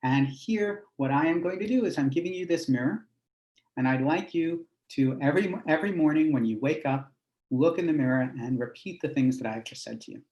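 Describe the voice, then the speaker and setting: A man voicing a wandering male prophet who speaks calmly and reassuringly, close to his own voice. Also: fairly high pitch, fairly quick, echoey room, lo-fi sound, close to an everyday voice.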